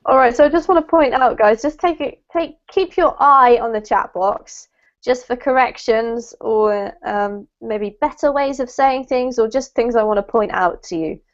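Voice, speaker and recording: A woman teaching an online English class in a slightly high voice, warm with praise and quick to correct word stress. She talks over a video call, and the audio comes through muffled. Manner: encouraging, corrects pronunciation.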